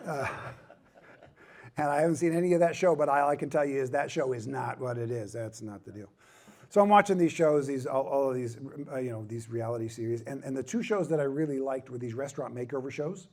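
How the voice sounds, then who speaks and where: A man's voice: mid-range voice, a little fast, a little mellow. A middle-aged man speaking at a ministry conference, with a self-deprecating, joking manner and emphatic repetition. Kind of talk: humorous conference talk.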